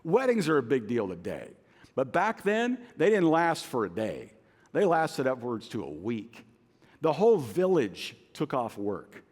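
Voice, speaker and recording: A man's voice: medium pitch, wildly swooping pitch, unhurried, a little mellow. A middle-aged man preaching a sermon as pastor, telling stories with self-deprecating humor. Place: large church auditorium. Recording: long hall reverb.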